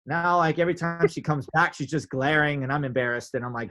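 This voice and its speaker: Animated storytelling man. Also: fairly high pitch, fairly quick. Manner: animated, many "like" fillers, acts out quotes. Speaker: podcast guest, drummer. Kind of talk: casual storytelling.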